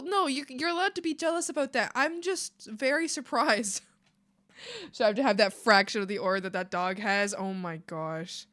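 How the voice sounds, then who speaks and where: A woman streamer chatting casually to her viewers, excitable and rambling, laughing often. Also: fairly high pitch, moderate pace. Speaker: art streamer. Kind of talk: casual live-stream chat.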